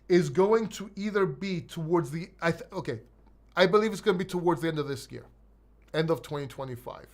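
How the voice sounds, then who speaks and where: Born in London and raised in Greece, a man with a high voice and a mixed accent hosts a live crypto Q&A, reading questions from chat. He's blunt and emphatic, swears now and then, and trips over repeated words as he answers viewers.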